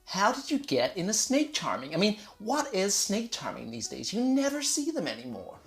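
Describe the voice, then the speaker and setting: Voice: mid-range voice, huge pitch swings, moderate pace, a bit bright. Someone doing a gushing talk-show host. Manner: fawning, over-the-top. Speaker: interviewer. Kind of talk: improvised comedy sketch. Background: faint sitar music.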